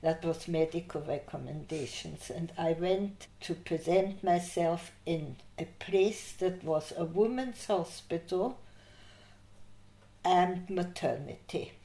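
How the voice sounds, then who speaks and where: Slow-spoken older woman in an echoey room. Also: low-pitched. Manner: lively anecdotal, laughs through her stories. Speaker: interviewee. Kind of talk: oral history storytelling.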